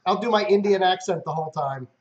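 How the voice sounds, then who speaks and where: A man's voice: high voice, quick pace, dull audio. A man hosting a casual livestream, reading out and answering viewer comments. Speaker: livestream host.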